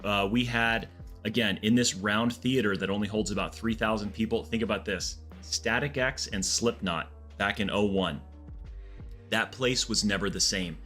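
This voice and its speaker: Male streamer, lowish voice, bright tone, casual rambling anecdotes, faint game music behind. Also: normal speed. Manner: rambling, animated anecdotes with frequent restarts. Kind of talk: casual storytelling chat.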